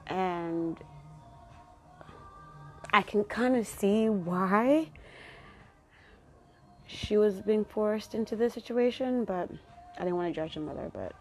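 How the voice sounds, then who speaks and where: Over soft background music, a woman hosts her own podcast in a casual solo monologue. Her medium-pitched, slightly mellow voice moves slowly with frequent pauses as she offers listeners affectionate pep-talk encouragement.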